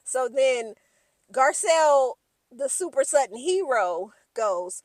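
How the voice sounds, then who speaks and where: A woman's voice: high voice, sing-song, measured pace, no room sound. A woman giving a casual, slangy recap of reality TV gossip, acting out the quotes in shifting voices.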